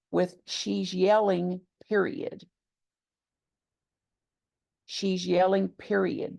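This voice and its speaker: A woman minister speaks in a low, deeply gravelly voice, teaching a gathered congregation. She talks deliberately and reflectively, coming back to key phrases to stress them. Her voice is captured close and dry, with little room sound. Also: dark tone, no echo. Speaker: minister and author. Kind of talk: teaching talk to a live congregation. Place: gathering with a live audience.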